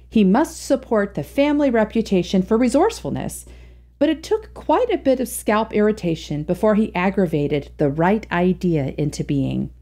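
Brief: female storytime narrator, expressive reading, mellow voice with lots of pitch movement. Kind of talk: reading a classic short story aloud.

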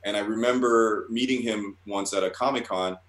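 A man's voice: fairly low pitch, steady tone, normal speed, a bit bright. A man, a guest cartoonist, telling loose and profane stories in a casual interview and laughing at himself. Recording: roomy echoey room.

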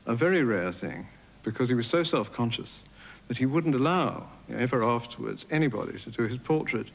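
A man's voice: mid-range voice, lively intonation, brisk, vocal fry, in a large hall, poor audio. A man recounting an artist's early life in anecdotal style, with small restarts, for a documentary. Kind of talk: documentary storytelling.

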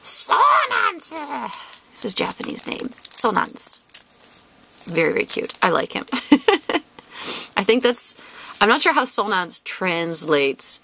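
A woman chatting casually and excitably as she opens card packs for her channel. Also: fairly low pitch, unhurried, creaky, pauses often. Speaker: trading card YouTuber. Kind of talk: casual chat while opening card packs.

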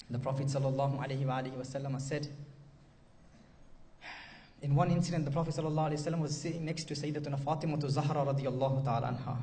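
A man's voice: a little high, dark tone, far from the mic, a little hiss or hum. A man preaching an emotional sermon, telling stories with impassioned repetition and Arabic devotional phrases.

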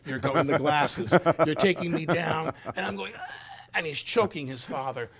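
A man's voice: a little high, moderate pace, a loud crowd. Middle-aged male host telling stories. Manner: rambling storyteller, acts out scenes with many fillers. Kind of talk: conversation.

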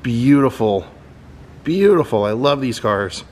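A man's voice: mid-range voice, lively intonation, a little slow, a little mellow, a little hiss or hum. A man giving a casual, admiring walking tour of a car museum, thinking aloud as he goes. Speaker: vlogger touring a car museum.

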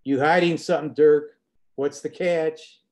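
Man reading as a doubting soldier, blunt, folksy, a bit high. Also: fairly even intonation, unhurried, a little mellow, close to an everyday voice. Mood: doubtful. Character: skeptical earnest male soldier, plain-spoken.

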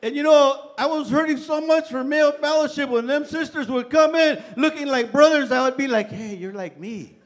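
A man's voice: very high voice, fairly even intonation, fairly quick, hardly any pauses. A middle-aged male pastor preaching in a church, telling stories in a casual, colloquial way full of "man" and "right?". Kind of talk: sermon with humorous personal stories. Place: church sanctuary.

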